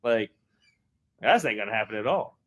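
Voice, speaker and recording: A man's voice: on the low side, animated, moderate pace, fairly bright tone, highs cut off. A man in his thirties, a pastor giving a sermon in a casual, slangy storytelling way. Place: church hall.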